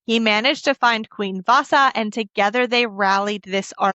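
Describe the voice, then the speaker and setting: Woman, book podcast co-host, casual recap, quoting characters, emotional, slightly high voice, dull dry lo-fi sound. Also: normal speed, bright, forceful tone, dry recording. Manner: emotional, laughs and chokes up while recounting. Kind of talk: casual book recap, retelling scenes with quoted dialogue.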